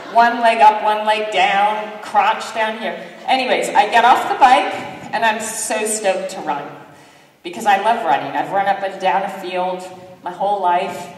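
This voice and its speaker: Echoey woman telling a lively story. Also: mid-range voice, a little hiss or hum. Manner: animated, self-mocking, acts out quotes. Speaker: keynote speaker. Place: large sports hall. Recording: echoey hall from far off.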